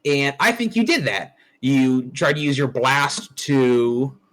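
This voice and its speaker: A man's voice: mid-range voice, big pitch swings, slow pace, a bit bright, rough recording. A man running a tabletop game as game master, talking casually and bluntly and swearing freely.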